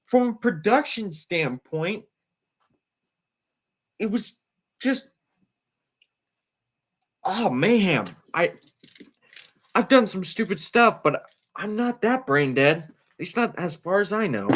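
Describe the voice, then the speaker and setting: A man's voice: high voice, sing-song, slow, long pauses, fairly bright tone, a little hiss or hum. A man hosting a casual sports talk show, emphatic and incredulous as he breaks things down. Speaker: podcast host.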